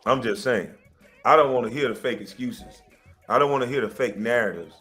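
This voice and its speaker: A man's voice: medium pitch, brisk, a bit bright, soft background music. A man hosting a livestream, defiantly defending himself and insisting he keeps his receipts, repeating points for emphasis. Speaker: livestream host. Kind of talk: heated livestream rant.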